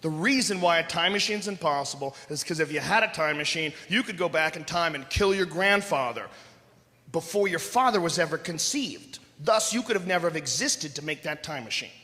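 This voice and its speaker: A man's voice: on the high side, lively intonation, a little fast, bright, forceful tone, pitched below the performer's own voice. Bit character: man playing a condescending pedant lecturing; echoey live room. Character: pedantic know-it-all man lecturing on science.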